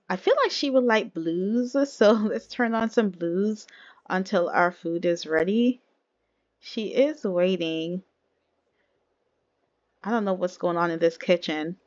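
A woman's voice: on the low side, dull audio. A woman giving casual, chatty commentary over a life-simulation game, laughing often and talking straight to her viewers. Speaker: let's play host.

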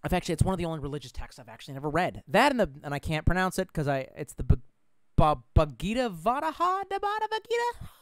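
A man's voice: fairly high pitch, very fast, few pauses, dry recording. A man chatting frankly on a live stream, rambling, swearing freely and reading out viewer comments.

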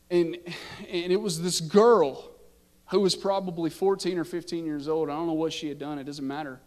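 A man, a pastor telling a story in his sermon and building from quiet narration to impassioned preaching. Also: fairly high pitch, steady tone, moderate pace, long reverb tail. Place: church sanctuary.

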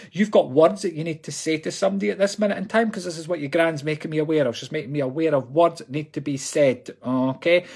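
Man, Scottish accent, slightly raised pitch, husky, chatty live-stream medium, jokey. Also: a little mellow. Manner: chatty, jokey, addresses viewers as folks. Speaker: psychic medium host.

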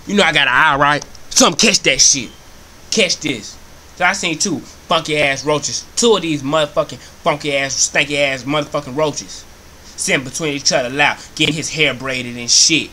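A young man spins a comic rant about his grandmother's house, swearing constantly and repeating himself for effect. His voice is fairly high and bright, with a forceful edge. His delivery is animated and heavy on profanity. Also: moderate pace. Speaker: comedy vlogger.

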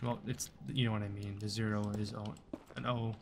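With a lowish, gravelly voice and level tone, a gaming creator talks at a moderate pace through live gameplay at his desk. He's self-mocking and chatty, chatting with the creatures in the game, and the audio has a little hiss or hum.

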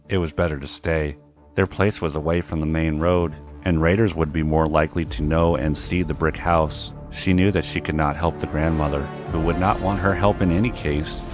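Deep-voiced man reading a storybook. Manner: steady, measured storytelling. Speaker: narrator. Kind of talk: audiobook reading of a children's novel. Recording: music playing behind the reading.

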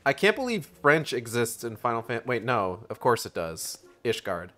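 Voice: medium pitch, very animated, normal speed, few pauses, fairly bright tone, faint music behind. Chatty rambling game streamer. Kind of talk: casual game stream chat.

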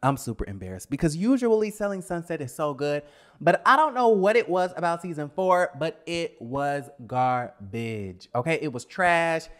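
A young man talks through a reality TV review in a sassy, blunt way, drifting into scatterbrained asides. His voice sits a bit high and comes through smooth and clear, even though he is getting over a cold. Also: moderate pace. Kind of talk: casual review vlog.

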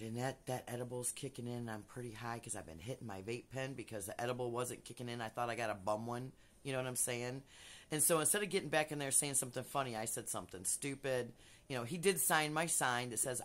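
A woman vlogger telling a story to camera in a casual, animated way, swearing freely and swooping up and down in pitch.

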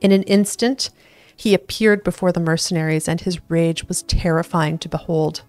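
A woman narrating a fantasy book as an audiobook reader, in a steady storytelling read. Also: lowish voice, normal speed, faint music behind.

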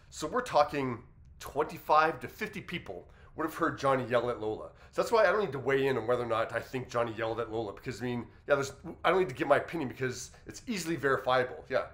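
A man hosting an entertainment news commentary, reasoning aloud in a measured way as he weighs a story. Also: mid-range voice, a bit bright. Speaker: commentary host.

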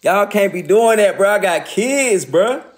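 A man's voice: high-pitched, animated, unhurried, soft background music. A man ranting casually on a livestream, profane and laughing often.

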